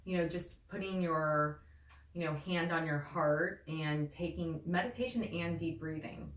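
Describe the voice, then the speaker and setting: A woman's voice: sits low, measured pace, a little hiss or hum. A woman guest who talks about holistic healing in a loose, casual way, filling her speech with "like" and "you know.". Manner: rambling, heavy with "like" and "you know". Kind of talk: casual conversational interview talk. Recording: echoey room.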